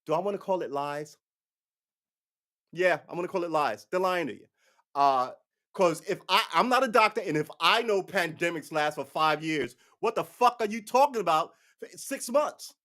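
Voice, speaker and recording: A man in his forties hosting a livestream, ranting casually with lots of swearing and restarts. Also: on the high side. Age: 40s. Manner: profane, rambling, animated talk with restarts. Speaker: livestream host.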